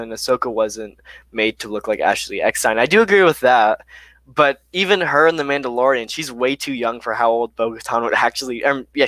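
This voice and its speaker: Young male streamer, middle pitch, dry close sound, chatty Q&A host. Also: no room sound. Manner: reads chat questions aloud, relaxed and chatty with many fillers. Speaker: live stream host answering viewer chat. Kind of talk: casual live-stream Q&A.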